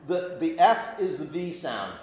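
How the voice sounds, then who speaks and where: Man, fairly high voice, lively swooping delivery, informal class lecture, echoey church room. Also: a little slow. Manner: animated, stops and restarts often. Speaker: teacher of an adult class. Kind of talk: informal lecture with reading aloud.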